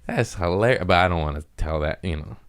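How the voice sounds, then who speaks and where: Speaking fast with lively intonation, this young podcast host has a low, smooth voice. He tells a rambling, profane story in a casual monologue and keeps cracking himself up.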